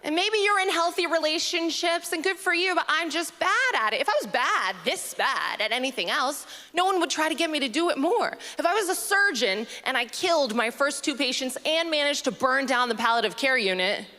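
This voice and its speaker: A woman performing a stand-up comedy set on a festival stage, dry and quick-witted, on a handheld mic. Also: sits high, animated, sharp tone.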